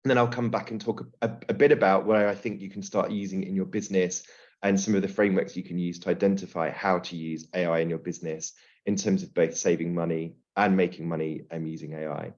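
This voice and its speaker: A man giving a webinar presentation as the guest specialist, slightly hoarse and speaking in a steady, explanatory way over a video call. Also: low voice, quick pace, muffled recording.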